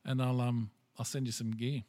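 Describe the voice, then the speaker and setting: Laid-back Australian podcast host, dry sound. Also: male voice, medium pitch, moderate pace, no echo. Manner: relaxed, easygoing and chatty. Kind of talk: casual interview chat.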